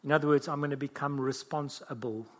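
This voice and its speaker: A man's voice: on the high side, fairly even intonation, fast. A man preaching a sermon with fervent, emotional delivery.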